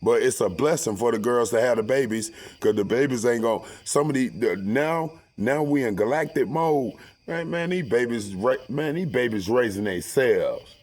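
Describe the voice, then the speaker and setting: A man talking straight to camera at an average pitch, rambling from topic to topic in heavy slang. He preaches and curses freely, sometimes dropping his voice low and quiet. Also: expressive, normal speed, hardly any pauses, rough recording. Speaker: vlogger. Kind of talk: casual profane monologue.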